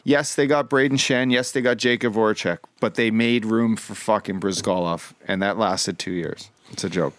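A man co-hosting a podcast, a former hockey player telling stories in a rambling, profane, animated way. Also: on the low side, normal speed, hardly any pauses. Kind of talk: casual storytelling chat.

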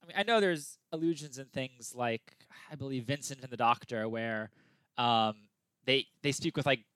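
A man's voice: medium pitch, normal speed, fairly bright tone, clean tone, no echo. A man co-hosting a casual discussion podcast, easygoing and agreeable, hesitating with fillers as he thinks. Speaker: podcast co-host.

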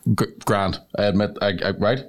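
A man's voice: on the low side, a little fast. A man co-hosting a casual comedy chat, jokey and swearing freely. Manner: animated, jokey, swearing, does silly voices. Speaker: podcast co-host.

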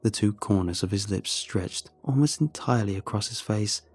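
A man reading a first-person horror story in a measured, steady way. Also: lowish voice, husky.

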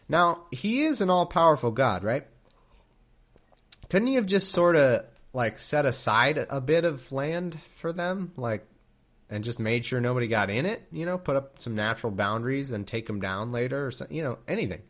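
A man's voice: medium pitch, lively intonation, moderate pace. Guy doing a comedic bible read-through, jokey, laughs a lot, keeps tripping over his words, ordinary mid voice. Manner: joking, laughing, rambling with restarts. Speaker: podcast host. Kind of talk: comedic Bible reading and commentary.

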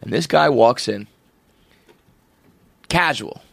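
A man's voice: medium pitch, lively intonation, takes it slowly, gravelly, fairly bright tone, no echo. A man chatting casually as a host, telling a rambling story, swearing freely and laughing often. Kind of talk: casual chat.

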